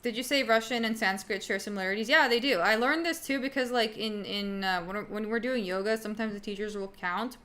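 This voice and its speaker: Young woman, streamer, casual rambling chat, many fillers, casual swearing, medium pitch. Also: a little fast, few pauses, a bit bright. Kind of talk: casual livestream chat answering viewers.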